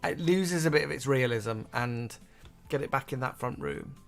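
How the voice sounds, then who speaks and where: A man co-hosting a relaxed live stream, chatting about old favourite shows. He reads viewers' comments aloud, with plenty of ums along the way. Faint music plays behind him. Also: mid-range voice, moderate pace, gravelly. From England. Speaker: co-host. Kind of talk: casual chat reading viewer comments.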